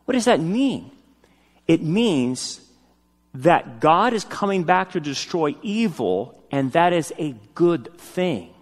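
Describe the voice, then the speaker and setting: A man preaches with a voice that sits fairly high and swings widely, climbing to loud, emphatic peaks before dropping back down. His tone stays conversational, with casual asides mixed into the sermon. The sound carries a long, echoing reverb from a church hall. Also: big pitch swings, takes it slowly. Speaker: pastor.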